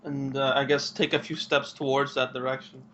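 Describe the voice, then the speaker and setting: A man playing a tabletop game, calmly describing his character's actions. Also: medium pitch, moderate pace. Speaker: player. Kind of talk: casual tabletop play. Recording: dull lo-fi mic with faint hiss.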